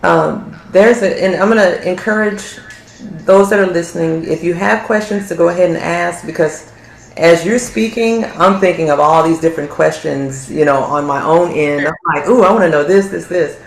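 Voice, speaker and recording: Low gravelly voice lady host, eager questions, roomy echo. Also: moderate pace, a little hiss or hum. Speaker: livestream interview host. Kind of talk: interviewing, taking chat questions. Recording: echoey room.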